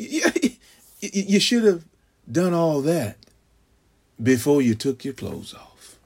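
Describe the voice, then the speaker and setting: A man preaching a sermon, calling out "huh?" to the congregation, stammering on repeats and swinging from shouts to hushed asides. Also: a little high, sing-song, slow pace, creaky, long pauses, slightly rough. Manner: call-and-response, frequent "huh?"; stammering repeats when building. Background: congregation laughing.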